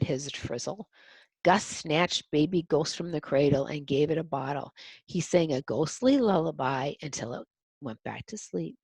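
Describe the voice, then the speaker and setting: A woman's voice: low-pitched, creaky, a little mellow, breathy edge, no echo. A woman reading a picture book aloud to children, explaining words and adding chatty asides. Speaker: storyteller.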